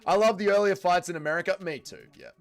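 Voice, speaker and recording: A man's voice: high voice, fast. A young man hosting a casual livestream watch-along, reading viewer chat aloud, bantering and swearing freely. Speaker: livestream host.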